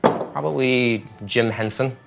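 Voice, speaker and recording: A man answering rapid-fire interview questions, with playful, quick quips. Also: mid-range voice, steady tone, gravelly, music in the background. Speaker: interview guest.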